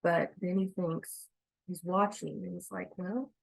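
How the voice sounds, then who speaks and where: Woman chatting about god and life, lowish voice with some fry, just telling a story casually. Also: level tone, measured pace, low-quality recording. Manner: candid, conversational storytelling. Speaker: speaker sharing a faith reflection. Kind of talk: casual faith talk to viewers.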